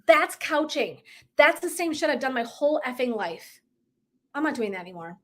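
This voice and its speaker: A woman's voice: high voice, big pitch swings, moderate pace, a bit bright. A middle-aged woman wellness coach talking candidly in a casual live stream, swearing and laughing as she acts out her own thoughts.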